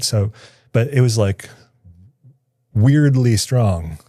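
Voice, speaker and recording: A man speaks as an interview guest in a studio, recounting a personal story in a reflective, searching way. His voice sits fairly low, with a soft, mellow tone. The sound is close and dry, with no room echo. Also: slow pace. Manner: reflective, searching for words with frequent restarts. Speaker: guest, writer.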